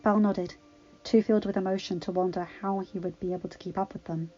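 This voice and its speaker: A woman narrating a fan-fiction story in a steady, expressive reading. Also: mid-range voice, fast talker. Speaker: audiobook reader. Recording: dull lo-fi recording with faint music.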